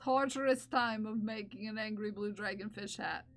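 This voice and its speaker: A woman's voice: medium pitch, normal speed. A young woman streaming live and chatting with viewers in a playful, teasing way, laughing often, recorded on close microphones. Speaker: livestreamer who crochets. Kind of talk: casual livestream chat reading viewer comments. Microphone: close ASMR microphones.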